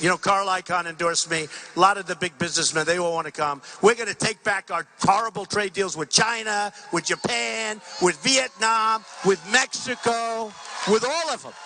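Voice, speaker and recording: Bright-voiced man giving a rambling rally speech. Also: high voice, slight background noise. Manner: rambling and repetitive, acting out dialogues. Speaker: political candidate. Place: large rally venue.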